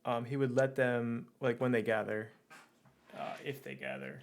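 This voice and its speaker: A man's voice: medium pitch, fairly even intonation, normal speed, gravelly. A man playing in a tabletop role-playing game, casual and laughing often. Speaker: player.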